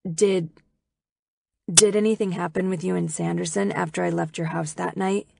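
A woman reading the part of a confident, teasing teenage boy in an audiobook, lowering her voice a little for him. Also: steady tone, moderate pace, gravelly, background noise. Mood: hushed.

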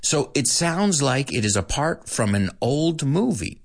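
A man hosting a live-streamed English lesson, playful and animated, dropping into Spanish asides now and then. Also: medium pitch, unhurried, creaky. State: out of breath at times.

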